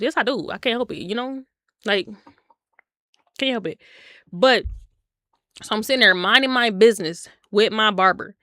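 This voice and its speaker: A woman in her twenties chatting on stream, telling stories in a slangy, animated way with sudden jumps in pitch. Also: brisk, long pauses, dry recording, clean studio sound. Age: 20s. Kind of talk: casual storytelling chat on stream.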